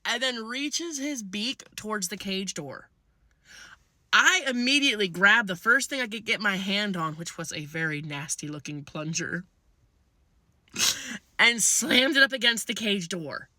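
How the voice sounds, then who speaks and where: A woman telling a comic personal story in an animated, blunt way, swearing freely. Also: medium pitch, unhurried, no echo, clean studio sound.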